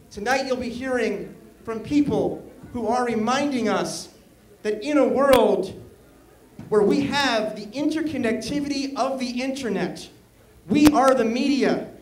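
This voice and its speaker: A man working as an event emcee, energetically leading a live audience in call-and-response chants and shouting to pump them up. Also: extremely high pitch, poor audio. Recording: live event with loud crowd and background noise. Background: crowd noise.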